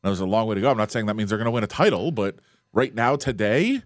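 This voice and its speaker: A male sports reporter talking fast in loose, rambling banter. He laughs often and restarts his sentences mid-thought. The sound is dry and close to the mic. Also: fairly low pitch, animated, no room sound. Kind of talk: casual sports talk banter.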